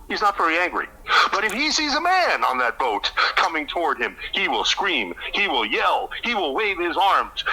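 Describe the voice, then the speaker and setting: A man's voice: sits high, bright, forceful tone, husky, poor audio. A man who is a podcast guest, talking in casual chat with blunt, profane tirades.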